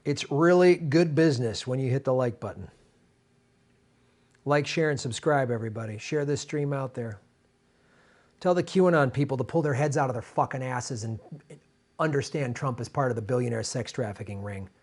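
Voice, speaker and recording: A man's voice: mid-range voice, moderate pace, darkish tone. A middle-aged man hosting a political live stream, ranting furiously at viewers with heavy profanity and lots of repetition. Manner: profane and furious, repeats himself, addresses viewers directly.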